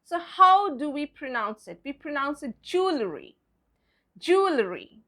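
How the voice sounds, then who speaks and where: A woman's voice: high-pitched, lively intonation, normal speed, sharp tone. A woman teaching English pronunciation, spelling words out letter by letter and modeling each one with emphasis. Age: adult with a son. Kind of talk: pronunciation lesson.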